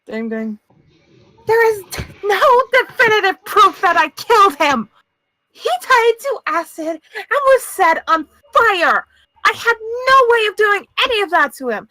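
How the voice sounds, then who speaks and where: A woman game master voicing an evasive, panicky woman witness in a tabletop game. She keeps denying and breaks into shouts. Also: sits high, slow pace, long pauses, breathy edge, no echo, exaggerated voice, poor audio. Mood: panicked.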